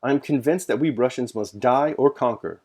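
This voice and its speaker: An earnest young hussar, overeager and emphatic, as a man reads him in an audiobook. His lines come out a little louder than the narration around them. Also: mid-range voice, normal speed, natural voice. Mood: eager. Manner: enthusiastic, too emphatic.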